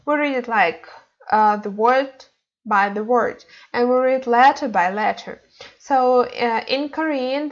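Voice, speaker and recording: A woman's voice: high-pitched, muffled recording. A woman teaching a beginner lesson, explaining step by step with many fillers and restarts. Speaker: language teacher.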